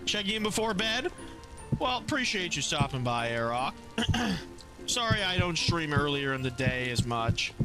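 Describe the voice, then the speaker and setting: Streaming a game to his viewers, a young man speaks in a slightly high voice at a normal speed, with music underneath. He's lively and casual, reading and replying to chat, and he often leaves sentences unfinished and begins them again.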